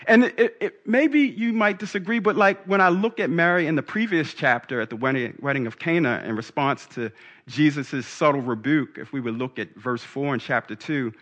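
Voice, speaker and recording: Preacher, male, bright forceful tone, easygoing and funny in the pulpit. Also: a little high, moderate pace. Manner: humorous, conversational, laughing at his own jokes. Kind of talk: sermon.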